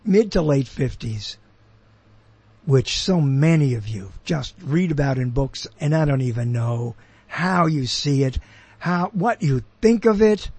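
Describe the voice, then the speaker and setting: Hosting his own program, an older man from Brooklyn, New York wanders through a digressive solo monologue, second-guessing and correcting himself along the way. He speaks at a measured pace in an expressive, medium-pitched voice that is husky and darkish, recorded with no room sound.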